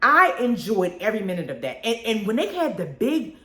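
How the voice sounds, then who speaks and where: A woman hosts a casual review show on her own. Her pitch leaps around constantly as she riffs, and the roomy space echoes behind her. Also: a little fast. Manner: animated, expressive, frequent restarts and slang. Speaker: podcast host reviewing movies. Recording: roomy echo.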